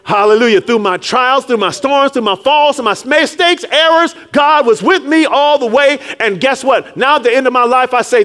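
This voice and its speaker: A man preaching a sermon with call-and-response, rising to shouts and dropping low, acting out scripture figures. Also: normal speed, few pauses. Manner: animated, call-and-response, rises to shouts then drops low; acts out Jesus and Peter in quiet low tones.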